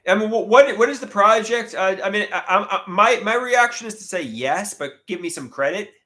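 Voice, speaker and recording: A man's voice: high-pitched, expressive, moderate pace, pushed and bright. A man in his thirties hosting a casual live stream, chatting and reading viewer comments aloud, often stammering and restarting. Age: 30s. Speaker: livestream host.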